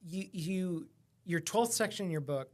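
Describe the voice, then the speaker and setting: A man hosting an interview podcast, easygoing and quick to laugh as he asks his questions. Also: sits high, a little mellow. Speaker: podcast host. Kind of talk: interview questions, casual chat.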